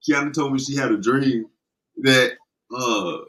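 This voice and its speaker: A man with a mid-range voice talks in casual chat. He tells his story in a relaxed, hesitant way. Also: mid-range voice, unhurried, poor audio.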